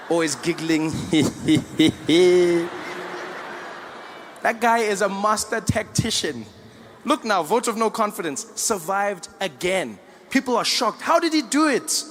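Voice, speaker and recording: A man doing lively stand-up comedy and mimicking the people he talks about. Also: high voice. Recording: reverberant hall with faint noise.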